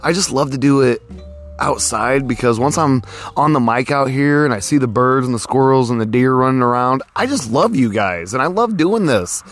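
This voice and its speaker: A man's voice: mid-range voice, expressive, normal speed, soft background music. A man in his forties hosting a podcast outdoors, talking in a rambling, folksy way full of "you know" fillers. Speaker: podcast host. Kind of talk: casual podcast monologue. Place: outdoors near a road.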